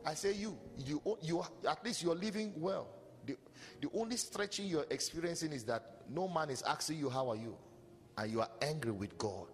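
A man preaching a sermon as pastor, animated and storytelling with mocking asides. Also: on the high side, normal speed. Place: church hall. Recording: long hall reverb with faint music.

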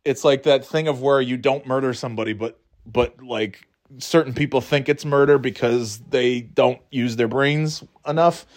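A man's voice: mid-range voice, moderate pace. A man hosting a podcast, chatting casually about movies in a rambling, profane way, acting out scenes in mocking voices. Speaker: podcast host.

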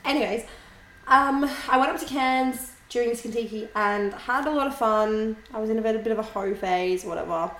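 A woman's voice: on the high side, brisk, fairly bright tone. A young woman with an Australian accent, co-hosting a podcast in casual chat, telling stories with animation and swearing freely. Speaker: podcast co-host. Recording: echoey room.

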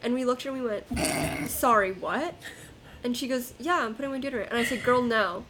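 A woman's voice: sits high, steady tone, quick pace, a little hiss or hum, low-quality recording. Casual young woman podcast co-host. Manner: casual, exasperated storytelling. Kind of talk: casual chat.

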